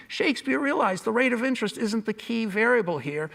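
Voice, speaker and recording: High-voiced, gravelly male lecturer. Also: animated, brisk, fairly bright tone. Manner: conversational, digressive, self-correcting with restarts; dry humorous asides. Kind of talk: public lecture.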